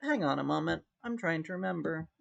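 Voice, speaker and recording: A man's voice: on the high side, expressive, a little fast, creaky. A male music theory teacher explaining step by step in a recorded lesson, often demonstrating rhythms by humming them on "da". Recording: dull lo-fi recording.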